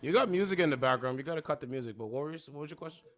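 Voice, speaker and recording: A man's voice: a little high, animated, very fast, fairly bright tone. A man streaming casual chats with women on a dating app, talking bluntly and confrontationally with plenty of profanity. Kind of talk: casual livestream chat.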